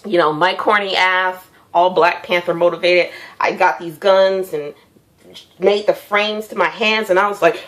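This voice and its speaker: A young woman casually telling a dream story to her viewers, animated, swearing freely and laughing as she acts out sounds. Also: lowish voice, measured pace.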